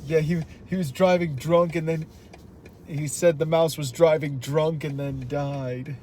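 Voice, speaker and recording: A man's voice: on the high side, steady tone, a little slow, warm tone. An American man hosting casual chat on a car ride, rambling and laughing often. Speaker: show host. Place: inside a car. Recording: road noise in a car.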